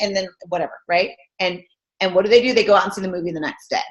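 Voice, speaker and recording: A woman's voice: mid-range voice, racing. A woman fitness coach giving a casual, jokey motivational talk in a chatty, bubbly manner. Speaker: fitness coach guest speaker. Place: room, online hangout. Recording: roomy echo.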